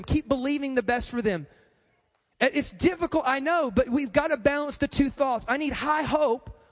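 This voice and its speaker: A male pastor with a very high voice preaches to his congregation, stressing points by repeating them. His words ring out with long reverb in a church hall. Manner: repetitive, emphatic, addresses the congregation. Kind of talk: sermon.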